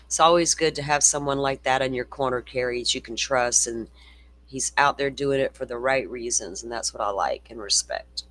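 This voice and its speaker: A middle-aged man hosts a casual true-crime livestream, ranting and swearing freely as he reads viewer comments aloud. His mid-range voice is pushed and bright, at a moderate pace.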